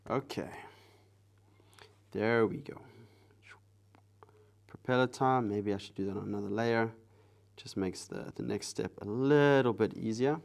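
A man hosting a live drawing stream, chatting casually with viewers in a soft, relaxed way while he works. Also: fairly low pitch, unhurried, vocal fry, pauses often. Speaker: live-stream artist host.

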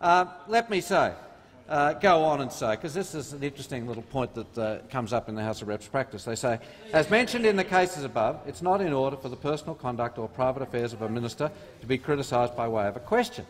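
In a big parliament chamber full of long echo, a male Australian legislator reads out the rules during a combative debate speech. His voice sits in the mid range and moves at a quick pace.

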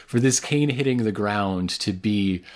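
A man co-hosting a podcast, chatting casually and joking, laughing often and speeding up when excited. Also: on the low side, a little slow. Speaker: podcast co-host. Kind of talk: casual chat recapping an anime.

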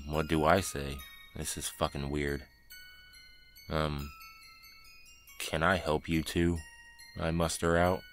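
A man's voice: extremely low pitch, a bit bright. A man narrating a scary first-person story in a tense, dramatic way. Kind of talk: scripted horror narration.

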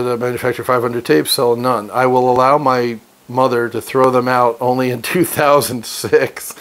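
A man reading a book aloud and breaking off into brash, profane motivational commentary, laughing often. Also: medium pitch. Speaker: reader and commentator.

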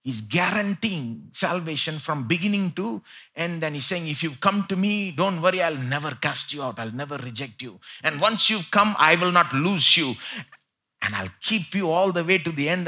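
A man with an Indian English accent preaching a live sermon in church, moving between loud emphatic peaks and quiet low asides. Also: slightly rough. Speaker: pastor.

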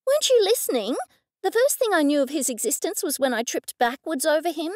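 A woman's voice: sits high, sing-song, moderate pace, darkish tone, dry recording, clean studio sound. Woman voicing a snappy flustered city woman. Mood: indignant. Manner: snappy, exasperated. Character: flustered young city woman, sharp-tongued.

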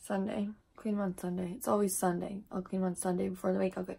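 Chatty woman with a gravelly edge. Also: medium pitch, little pitch movement, quick pace, dark tone. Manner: chatty, rambling, self-deprecating asides. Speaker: makeup vlogger. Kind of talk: casual makeup tutorial chat. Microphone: camera on a tripod.

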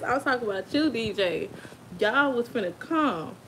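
A woman's voice: a little high, expressive, normal speed, a bit bright, a little hiss or hum. A young woman with an African American Vernacular English accent, telling a birth story in a chatty way and laughing often. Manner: chatty, laughs often, talks to kids off camera. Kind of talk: casual storytime.

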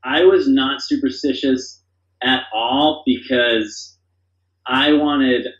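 A podcast guest and company founder, this man speaks slowly in a mid-range voice with a bit of brightness. He's casual and enthusiastic, wandering off on tangents with plenty of fillers. The sound is dull and roomy.

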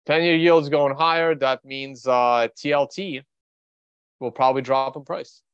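Hosting a casual livestream on the markets, a Russian trader rambles and thinks aloud in a blunt, offhand way. His medium-pitched voice is clear and resonant, fairly even in intonation, at a measured pace, in a dry, slightly dull recording.

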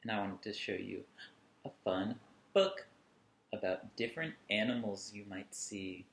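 A man working as a children's museum educator, reading a picture book aloud to kids in a gentle, expressive, playful way. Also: on the low side, a little slow, creaky, roomy sound.

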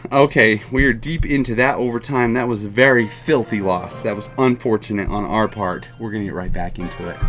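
A gaming YouTuber chats excitably as he commentates live on his own mobile game match. He often repeats himself and cheers or groans at what happens, speaking at a medium pitch.

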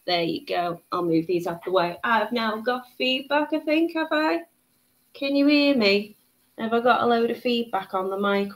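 A chatty, bubbly woman hosts a live craft stream, greeting viewers and reacting to their comments. Her voice sits at an ordinary middle pitch for a woman. She laughs often between phrases in a relaxed, casual way. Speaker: host of a live beading tutorial.

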